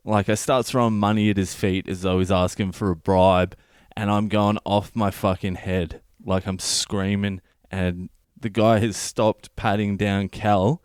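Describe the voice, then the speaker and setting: Profane Australian comedian telling a story. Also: male voice, lowish voice, fairly even intonation, measured pace, clean tone, no echo, clean studio sound. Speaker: comedian and podcast host. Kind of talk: comic storytelling monologue.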